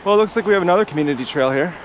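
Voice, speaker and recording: A man vlogging while he rides an ebike along outdoor trails, telling a meandering, drawn-out story in a calm, stoned manner. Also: sits high, slight background noise. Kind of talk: rambling monologue while riding. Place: outdoors on nature trails by a river. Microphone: camera on an ebike.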